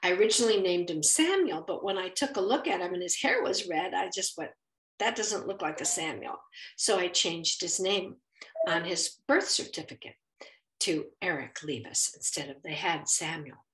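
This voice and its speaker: A middle-aged woman and Bible teacher telling a personal faith story, expressive and acting out what people said. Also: on the low side, normal speed, distant mic. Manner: expressive, acts out quoted speech. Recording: roomy echo, faint music.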